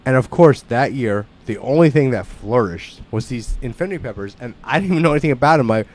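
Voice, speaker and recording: A man telling a story in casual chat, swearing, restarting his sentences and getting louder as he goes. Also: mid-range voice, animated, fast. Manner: loud, profane storytelling with frequent restarts.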